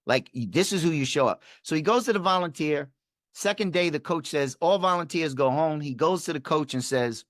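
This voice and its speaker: Animated man telling a coaching story. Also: moderate pace, dry recording, studio quality. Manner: acts out dialogue with shifting pitch and energy. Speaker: performance coach, podcast guest.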